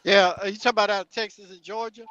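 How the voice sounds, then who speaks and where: A man's voice: high-pitched, fairly even intonation, racing, sharp tone, no room sound, lo-fi sound. A man on a casual sports panel, explaining his reasoning for his picks.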